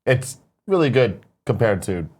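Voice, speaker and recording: A man's voice: mid-range voice, very animated, a little slow, darkish tone, breathy edge. Chatty, casually swearing male co-host. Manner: chatty, swears casually, quotes lyrics in put-on voices. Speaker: podcast co-host. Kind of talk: casual chat.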